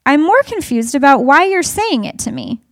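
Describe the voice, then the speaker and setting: A woman in her thirties speaking to an audience in a conversational way, telling family stories with animated delivery and laughter. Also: high voice, moderate pace, no room sound, clean studio sound.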